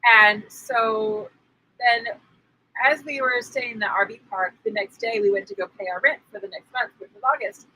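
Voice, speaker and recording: A woman telling a story in casual conversation as a spiritual teacher co-hosting a live stream, animated and laughing as she acts out the people in it. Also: on the high side, moderate pace, breathy edge, rough recording. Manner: animated, acts out quoted voices, laughs often.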